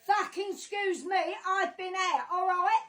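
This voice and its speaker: A woman acting out a combative old woman in her eighties who swears constantly. Her voice sits very high and sharp, and she snaps back at every remark. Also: fairly even intonation, measured pace, full character voice. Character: foul-mouthed cantankerous 85-year-old woman.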